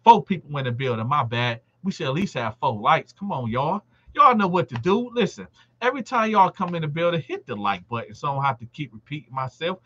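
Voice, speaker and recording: A man's voice: on the high side, a little fast, slightly rough, muffled recording. A man hosting a live stream, casually telling a story from his time locked up and acting out what others said. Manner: animated, acts out other inmates' quoted lines. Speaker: livestream host telling a prison story.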